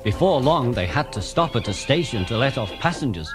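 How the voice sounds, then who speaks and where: A man's voice: medium pitch, a little fast. A man narrating a children's railway storybook. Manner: lively, expressive storytelling. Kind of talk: storybook reading. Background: music.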